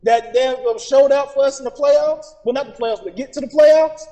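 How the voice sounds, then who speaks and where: A man co-hosting a casual podcast, loud and excitable, with profane trash talk about his football team. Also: very high voice, normal speed, low-quality recording. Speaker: podcast co-host. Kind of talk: casual chat.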